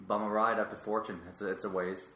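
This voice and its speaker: A young man, hosting a podcast with quick, eager, joking chat. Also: on the low side, little pitch movement, sharp tone. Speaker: podcast host, comedian. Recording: echoey room.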